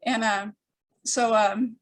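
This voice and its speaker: An older woman telling a personal story to an audience, with wry humor and frequent pauses. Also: fairly high pitch, fairly even intonation. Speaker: storyteller speaker.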